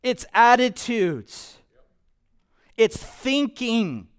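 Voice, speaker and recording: A man preaching a sermon as pastor, joking and playful, swinging between hushed and loud, emphatic delivery. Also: very high-pitched, very animated, drawn-out words, smooth.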